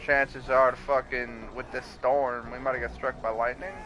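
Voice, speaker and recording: A man's voice: mid-range voice, little pitch movement, normal speed, over music. A man streaming a video game, chatting casually, reacting to the game and swearing freely. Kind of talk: casual live-stream commentary.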